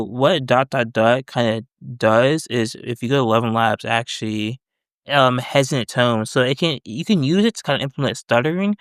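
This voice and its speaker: A man's voice: mid-range voice, clean tone, no room sound, studio quality. A man casually explaining his screen as he works, rambling with self-corrections. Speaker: developer demoing voice prompts. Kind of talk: casual screen-recorded tutorial.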